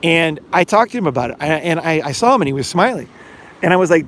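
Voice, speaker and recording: His voice on the high side and a bit bright, a middle-aged life coach talks fast and animatedly as he hosts his podcast. The monologue rambles, full of fillers and acted-out quotes, with a slight hiss or hum.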